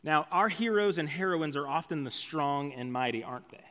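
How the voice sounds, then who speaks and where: A man's voice: a little high, expressive, moderate pace, bright, forceful tone. A male pastor preaching a sermon in a conversational, storytelling way, with casual asides. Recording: long hall reverb.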